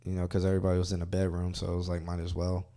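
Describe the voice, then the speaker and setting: Young male host, slightly low voice, easygoing chat that trails off. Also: rapid-fire. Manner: relaxed, trails off quietly, laughs easily. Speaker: podcast host. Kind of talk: casual chat.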